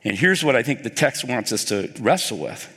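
A male pastor preaching a sermon, telling the story with animated, acted-out dialogue. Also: medium pitch, moderate pace, husky. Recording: long hall reverb.

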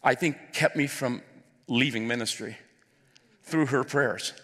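A male pastor recounts a personal experience from the pulpit, earnest and heartfelt in his storytelling. His voice sits at an ordinary middle pitch. A long reverb from the church hall trails after each phrase. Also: unhurried, pushed and bright. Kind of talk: sermon testimony. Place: church auditorium.

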